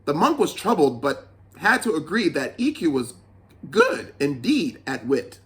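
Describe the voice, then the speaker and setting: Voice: medium pitch, sing-song, measured pace, fairly bright tone. A children's storyteller reading a folk tale aloud, with chatty asides to young listeners.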